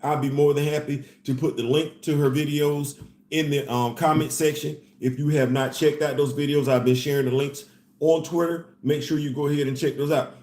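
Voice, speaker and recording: Animated man in an echoey room. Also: on the high side, fairly quick. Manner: animated, laughing, repeats phrases. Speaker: host. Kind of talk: casual commentary.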